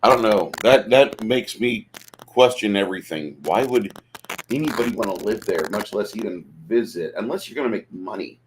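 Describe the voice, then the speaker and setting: Male co-host for a casual podcast chat, lowish voice, joking and quick to riff. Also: background noise.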